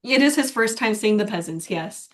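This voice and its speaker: A woman's voice: medium pitch, lively intonation, moderate pace. A woman in casual chat, animatedly recapping a book plot, often laughing and acting out the characters' lines.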